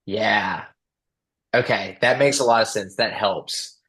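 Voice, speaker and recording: A young man with a somewhat low voice, talking his way through thoughts in a coaching session. He hesitates often and fills gaps with filler sounds while he searches for the right words. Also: takes it slowly, fairly bright tone. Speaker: coaching client.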